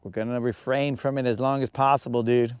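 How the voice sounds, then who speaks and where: This fishing livestream host speaks fairly quickly in a medium-pitched, flat voice with a clean tone. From his boat, he talks to chat viewers in a relaxed, slang-heavy way.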